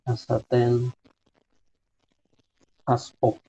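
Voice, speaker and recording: A man's voice: mid-range voice, monotone, drawn-out words, gravelly, mellow, breathy edge, no echo. A man, a student, reciting verb forms hesitantly in an online class. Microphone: video call. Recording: dry, muffled video call audio.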